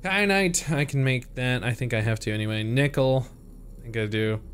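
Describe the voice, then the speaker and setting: A man's voice: mid-range voice, normal speed, fairly bright tone, slight background noise. A young man streaming a game, chatting playfully to his viewers and to the creatures on screen. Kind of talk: casual gameplay commentary.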